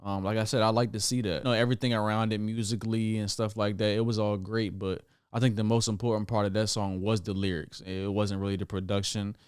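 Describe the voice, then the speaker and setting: A man giving a casual reaction review of an album, often stammering and restarting, with sudden excited outbursts. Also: on the low side, quick pace, few pauses, clean tone, no echo, studio quality.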